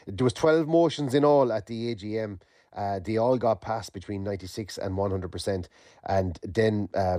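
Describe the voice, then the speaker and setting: A man with an Irish accent giving a sports news report on the radio, measured and full of fillers and restarts. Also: on the low side, warm tone, dry recording, studio quality. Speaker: sports correspondent.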